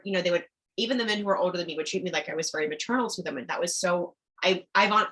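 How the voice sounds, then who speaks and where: A middle-aged woman coach talking in a podcast interview, enthusiastic and animated, often acting out what people said. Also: lowish voice, rough recording. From Midwestern United States. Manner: animated, enthusiastic, acts out quotes. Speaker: communication coach, guest.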